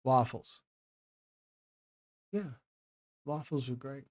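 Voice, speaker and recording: A man's voice: medium pitch, animated, extremely slow. A man hosting a live stream, chatting casually with viewers by name and often restarting his phrases. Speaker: documentary host answering live chat.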